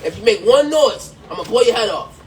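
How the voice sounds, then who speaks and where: A man putting on the voice of a stern middle-aged farmer who makes threats in a lowered, gruff tone, during a joke on a podcast. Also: animated, a little fast. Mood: menacing. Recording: distant mic, faint background noise.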